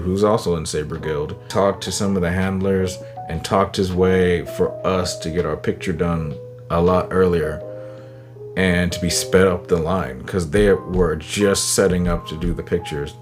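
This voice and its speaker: A man telling a personal story in a casual, animated way, acting out the people he quotes. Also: low-pitched. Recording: guitar music under the voice. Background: guitar music.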